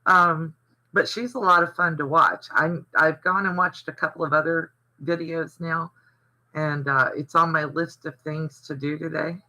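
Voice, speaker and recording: A man's voice: fairly high pitch, fairly even intonation, normal speed, bright, forceful tone, poor audio. An older man from the American South, hosting a casual livestream chat, rambling through stories and answering viewer comments. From Southern United States. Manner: chatty, rambling storyteller who reads out viewer comments. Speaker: livestream host.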